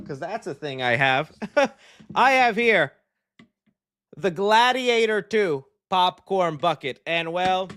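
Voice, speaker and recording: Excitable high-voiced young man host. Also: slow pace, long pauses, smooth. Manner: excitable, jokey, rambling. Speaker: show host. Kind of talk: casual chat.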